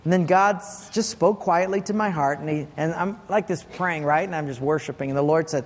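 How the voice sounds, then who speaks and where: A man's voice: a little high, brisk, hardly any pauses, big-room sound. A male pastor giving a sermon, telling a personal story with quoted dialogue and then leading a prayer. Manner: storytelling, earnest, quotes dialogue, prays aloud. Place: church sanctuary.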